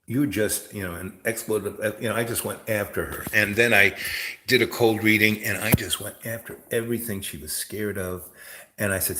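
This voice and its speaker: A man's voice: fairly low pitch, fairly even intonation, a little fast, bright, forceful tone, roomy sound, rough recording. A man hosting a rambling, chatty monologue and telling stories. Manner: chatty, storytelling, mimics others in raised voice. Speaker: host.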